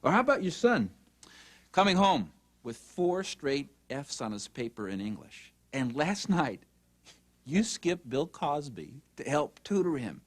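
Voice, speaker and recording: A narrator giving a dramatic teaching talk, swinging between loud mock scolding and soft near-whispers. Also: mid-range voice, very animated, a little slow.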